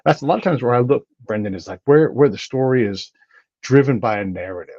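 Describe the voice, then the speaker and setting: A man hosting a podcast in casual chat, telling stories in an animated way with lots of restarts. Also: mid-range voice, a little fast, dry recording, lo-fi sound. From United States. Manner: animated storyteller, chatty with frequent restarts. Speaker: podcast host.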